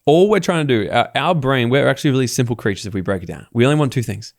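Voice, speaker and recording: An Australian man guesting on a podcast, telling stories in a casual, animated way and acting out the people he quotes. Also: mid-range voice, rapid-fire, vocal fry, no echo, clean studio sound. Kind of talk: casual interview talk.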